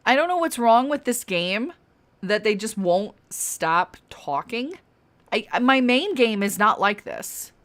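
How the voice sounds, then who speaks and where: A woman's voice: a little high, sing-song, slow, a bit bright. A young adult woman streaming a fantasy game, chatting casually and giggling as she plays. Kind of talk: casual gameplay commentary.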